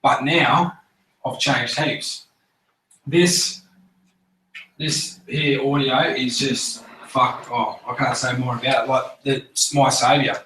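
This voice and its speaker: A man's voice: medium pitch, fairly even intonation, slow, sharp tone. An Australian man giving a casual motivational talk to a group, blunt and full of swearing. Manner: blunt, swears a lot, acts out others' voices. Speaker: speaker at a business group meeting. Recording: echoey room, mic at a distance, faint noise.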